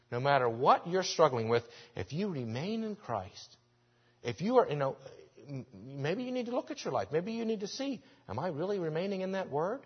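A man preaching a sermon as pastor, earnest, rising to loud emphasis and dropping back to quiet, with frequent restarts. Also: mid-range voice, breathy edge. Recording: dull sound in a reverberant hall.

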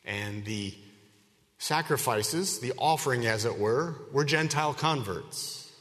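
A man preaching an expository sermon to his congregation, measured and emphatic, leaning hard on key words. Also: medium pitch, lively intonation, fairly bright tone. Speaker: pastor. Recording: long reverb of a hall.

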